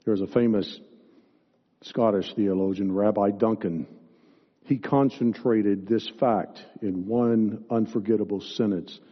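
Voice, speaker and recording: Male pastor, unhurried earnest sermon, lowish voice, long church reverb. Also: fairly even intonation, breathy edge, dull audio. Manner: earnest, deliberate preaching. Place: church sanctuary.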